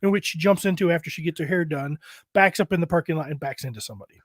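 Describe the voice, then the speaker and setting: A man's voice: a little high, rapid-fire. Rambling, profane middle-aged man. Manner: rambling storyteller, profane, circles back with "so". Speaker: podcast host. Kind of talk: casual chat.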